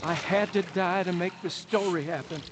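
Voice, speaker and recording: An actor playing a haunted, confused uncle who talks in halting, distant, dreamlike lines in a game. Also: male voice, high-pitched, natural voice. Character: haunted middle-aged uncle, confused and fatalistic. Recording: loud engine and water noise.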